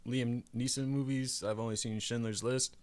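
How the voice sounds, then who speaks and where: A man's voice: mid-range voice, steady tone, moderate pace. A man co-hosting a casual podcast, joking in an easygoing way. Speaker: podcast co-host. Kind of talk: casual chat.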